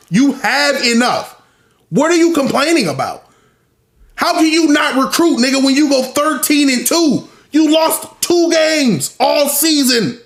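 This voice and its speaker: A man's voice: very high voice, fairly bright tone, roomy sound. A man hosting a podcast, ranting in casual commentary with lots of profanity and exasperated rhetorical questions. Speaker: podcast host.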